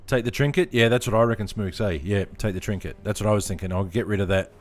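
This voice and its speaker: A man's voice: fairly low pitch, fairly quick. Laughing man streaming a game. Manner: laughs often, chats to viewers while playing. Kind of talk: casual live-stream chat. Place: home room.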